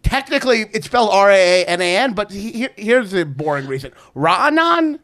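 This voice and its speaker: A man's voice: high-pitched, animated, fast talker, a bit bright. A man guesting as a comedian on a casual podcast, playful, laughing often and acting out the voices of other people.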